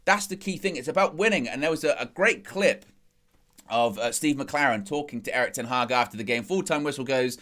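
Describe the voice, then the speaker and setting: A man's voice: medium pitch, fairly quick, fairly bright tone. A man hosting a football fan show, chatting casually after a match and building up emphasis on his key points. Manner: reads out quotes then comments. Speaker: football fan-channel host.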